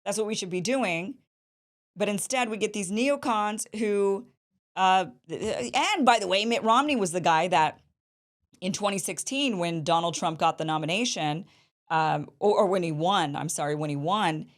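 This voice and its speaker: A woman hosting a political commentary show, sarcastic and mocking, with lively asides. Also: mid-range voice, normal speed. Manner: animated, with mock voices of opponents. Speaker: show host.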